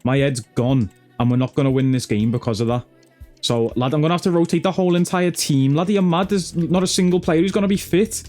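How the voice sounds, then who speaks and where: A man's voice: on the high side, fast talker, mellow, soft background music. A man commentating on his football game, slangy and full of swearing, calling everyone lad. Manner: swears a lot. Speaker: gaming YouTuber. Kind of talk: gameplay commentary.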